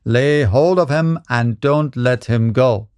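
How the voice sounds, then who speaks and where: A man's voice: mid-range voice, slow pace, a little mellow, smooth, dry recording, studio quality, natural voice. A man voicing a hearty man who urges and cajoles jovially. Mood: urging. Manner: urging, jovial.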